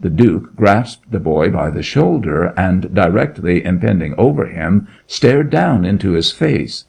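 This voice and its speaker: A man reads a story aloud with measured, expressive pacing. His voice is low and gravelly with a husky texture. He moves through a wide pitch range as he tells the tale. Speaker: narrator. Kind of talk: audiobook story reading.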